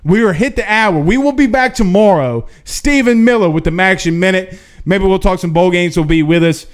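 Animated sports host, high voice. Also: male voice, normal speed. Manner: animated, drawling, folksy asides. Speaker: sports talk show host. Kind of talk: casual live-stream chat reading viewer questions.

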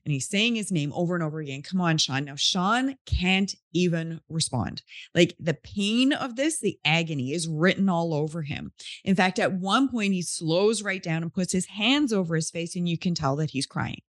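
A woman's voice: fairly low pitch, lively intonation, moderate pace, no echo, studio quality. A woman podcast host telling a story in an earnest, heartfelt, casual way.

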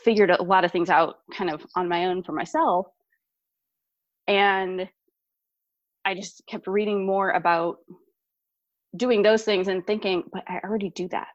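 A woman in her thirties, a guest on an interview show, telling a personal story in an animated way with frequent laughs. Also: mid-range voice, measured pace, pauses often, dry recording. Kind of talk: podcast interview. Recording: dull lo-fi dry sound.

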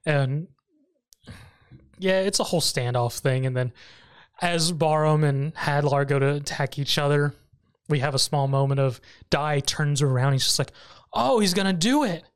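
An animated podcast host recaps an episode in loose, casual chat, laughing often and breaking into sudden high squeaks of amusement. The voice is mid-pitched and lively. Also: normal speed, clear, resonant tone.

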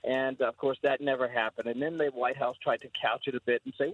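A man's voice: medium pitch, steady tone, a little fast, hardly any pauses, no echo. A man working as a White House correspondent, talking wryly and conversationally as a guest on a radio show. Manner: wry, conversational and sardonic. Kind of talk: call-in radio interview. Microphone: phone. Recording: tinny phone line.

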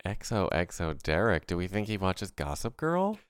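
Deep-voiced playful podcast co-host man. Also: big pitch swings, normal speed, clear, resonant tone, no room sound, studio quality. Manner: playful, teasing. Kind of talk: casual comedic chat.

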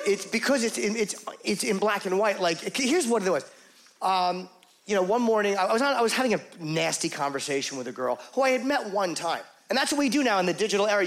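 A man's voice: high voice, a bit bright. A man performing a stand-up comedy set on stage, confessional and self-mocking, acting out bits of dialogue in put-on voices. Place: comedy stage before a live audience.

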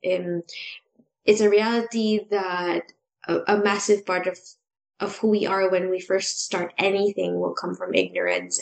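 A woman co-hosting a conversation, talking thoughtfully and hesitantly with frequent pauses and ums. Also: on the low side, vocal fry, poor audio. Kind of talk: reflective conversational discussion.

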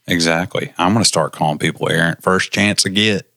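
A man's voice: low voice, brisk, pushed and bright, dry recording, clean studio sound. A man co-hosting a podcast in casual chat, joking and teasing his co-hosts. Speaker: podcast co-host.

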